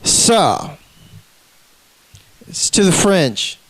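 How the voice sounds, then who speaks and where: A man with a high-pitched voice rants, cursing freely and calling people out. His sound is dry and close, with no room behind it. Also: very animated, very slow, a bit bright, no room sound, low-quality recording. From United States. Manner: ranting, profane, confrontational. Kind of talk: profane rant to camera.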